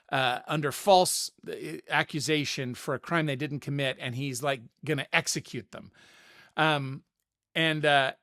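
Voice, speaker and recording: Animated man musing aloud, higher voice. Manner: animated, repeats words when thinking aloud. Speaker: podcast host. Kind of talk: casual spoken commentary.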